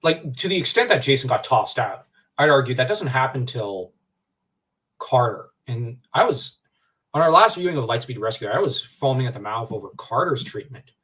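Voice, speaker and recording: Co-hosting a livestream of casual fan discussion, a man rambles with lots of fillers and restarts, sometimes getting worked up. His mid-range, fairly bright voice is animated and moves at normal speed, though he sits distant from the mic.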